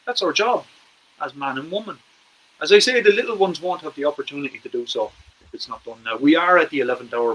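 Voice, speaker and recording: A man's voice: fairly high pitch, fairly bright tone, husky, rough recording. Earnest Irish man hosting a podcast. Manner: earnest and persuasive, repeats words when stressing a point. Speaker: podcast host. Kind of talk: conversational interview.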